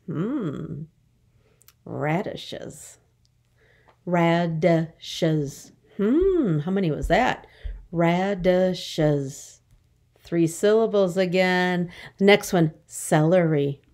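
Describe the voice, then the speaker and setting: A woman teaching young children phonics, her voice mellow and somewhat low. She speaks at an unhurried pace and stretches each word out clearly in a sing-song teacher's manner. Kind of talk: early-grade phonics lesson.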